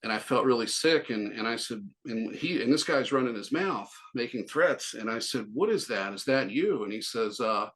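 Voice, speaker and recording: A man's voice: medium pitch, lively intonation, normal speed, hardly any pauses, a bit bright. A man as an interview guest, telling a long personal story in a rambling way, full of restarts and quoted back-and-forth. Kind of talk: casual storytelling.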